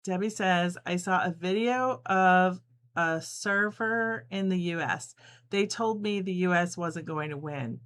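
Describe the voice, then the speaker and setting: A middle-aged woman from New Jersey hosts a relaxed live sew-along. Her voice sits a little low, and she chats easily, laughs often and reads viewers' messages aloud while she works. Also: unhurried. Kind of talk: casual live-stream chat while sewing.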